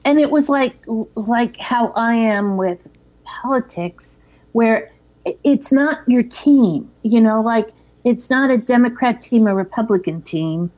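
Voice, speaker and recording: A woman's voice: fairly high pitch, unhurried, a little mellow. Chatty woman podcast co-host. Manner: retells scenes by acting out quoted lines. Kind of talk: casual chat recapping a film.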